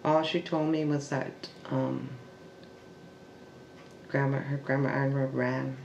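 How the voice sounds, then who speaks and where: Gravelly man telling family history. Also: mid-range voice, flat delivery, muffled recording. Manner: halting, with restarts and trailing fillers. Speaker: family storyteller. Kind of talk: oral history storytelling. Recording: echoey room with faint background noise.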